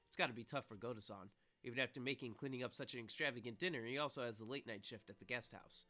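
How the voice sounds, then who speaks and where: Bright-voiced young man streaming a game. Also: medium pitch, very fast. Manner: reads narration flatly, then swears and rants loudly. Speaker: streamer reading a visual novel aloud. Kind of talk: casual let's-play reading and commentary.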